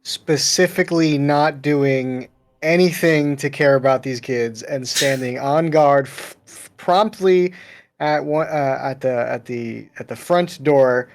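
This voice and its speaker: A man playing a tabletop game, answering in a terse, grumpy way. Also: mid-range voice. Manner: slow, terse, grumpy replies. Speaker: player. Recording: faint music behind.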